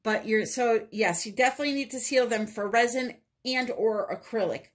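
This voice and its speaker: A woman's voice: a little high, normal speed. A woman with a New England accent hosting a casual resin art tutorial, chatty and upbeat, laughing at herself. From northeastern United States. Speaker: resin art channel host.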